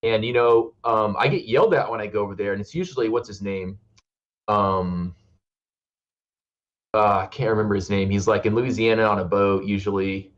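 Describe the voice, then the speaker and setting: A man's voice: fairly low pitch, normal speed, highs cut off. A man in a casual online voice chat, telling stories animatedly and acting out what others said to him. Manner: animated storyteller, acts out others' lines.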